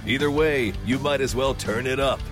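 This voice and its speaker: A man's voice: mid-range voice, moderate pace. A man announcing a sports radio show in a scripted intro with a punchy, tongue-in-cheek delivery. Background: guitar music.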